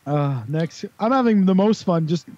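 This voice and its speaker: A man's voice: high-pitched, expressive, moderate pace, darkish tone, lo-fi sound. A man with a Welsh accent hosting a casual quiz, teasing the players playfully. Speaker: quiz host. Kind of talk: casual chat.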